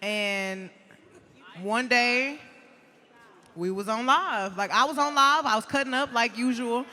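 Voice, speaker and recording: A woman guest telling animated, profane stories in a casual interview, laughing often. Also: fairly high pitch, takes it slowly, in a large hall. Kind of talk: casual storytelling.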